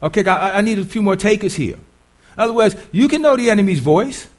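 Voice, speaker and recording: A male preacher delivers a conversational sermon, stopping often to question his listeners. His voice is high for a man and swings widely in pitch. He often restarts and repeats his words as he talks it through. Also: lively intonation, a little fast. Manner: conversational, quizzes the congregation, repeats himself.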